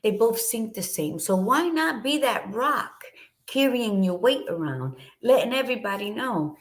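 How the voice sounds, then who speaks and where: A woman's voice: on the high side, expressive, a little slow. A middle-aged woman hosting a talk show, speaking with candid, passionate conviction and swearing freely. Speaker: podcast co-host. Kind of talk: casual motivational talk.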